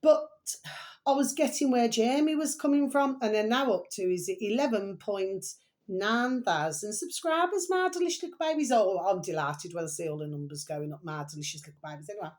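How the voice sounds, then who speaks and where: A woman's voice: mid-range voice, animated, a little fast, a little mellow. A woman talking in a rambling, chatty monologue to her viewers, often addressing them with pet names. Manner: chatty, meandering, keeps calling viewers her delicious little babies. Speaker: vlogger.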